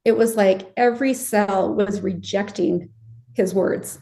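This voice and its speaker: A woman's voice: mid-range voice, unhurried, creaky, dark tone. A middle-aged woman, a podcast guest, emotionally recounting a personal experience in an interview.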